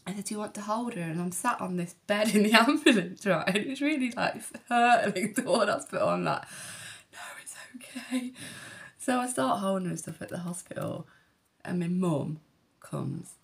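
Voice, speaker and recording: A woman's voice: medium pitch, expressive, moderate pace. A woman, telling a personal story candidly and bluntly, with rambling asides and frequent swearing. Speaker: vlogger.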